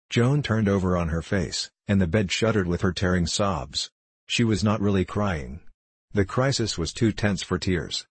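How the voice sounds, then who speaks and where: A man narrating a novel in a measured, even storytelling manner. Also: low voice, slightly rough, no room sound. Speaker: audiobook narrator. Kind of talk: scripted narration.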